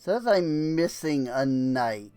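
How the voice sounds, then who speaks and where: A man's voice: a little high, expressive, slow pace, warm tone, clean tone, soft background music. A young man streaming a video game and chatting casually, rambling with many fillers, laughing often, his throat a little dry. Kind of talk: casual gameplay commentary.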